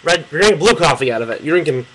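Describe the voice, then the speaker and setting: Background noise runs under this video reply from a young man in Michigan, whose fairly high, animated voice goes very fast. He rambles profanely and laughs frequently as he sketches a map for someone, speaking into a camera mic held near his face.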